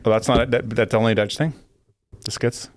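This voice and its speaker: A man hosting a podcast, asking questions and laughing along in relaxed casual chat. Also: medium pitch, fairly quick. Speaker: podcast host.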